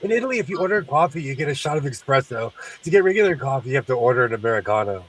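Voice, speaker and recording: A man's voice: medium pitch, big pitch swings, very fast, distant mic, low-quality recording. A man hosting a sewing livestream, congested from sinus trouble, chatting in a rambling way and laughing often. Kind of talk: casual chat while sewing.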